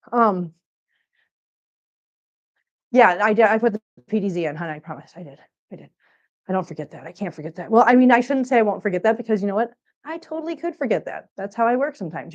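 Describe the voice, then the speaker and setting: A woman's voice: mid-range voice, muffled recording. A woman chatting casually on a cat-care livestream, rambling and answering viewers while she cleans, a little out of breath. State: a bit out of breath. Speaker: cat channel vlogger.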